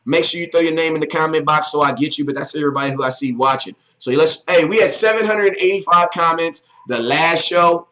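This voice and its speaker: A man's voice: on the high side, pushed and bright, low-quality recording. A man hosting a live sports talk stream, chatting casually in slang and greeting viewers one by one by name.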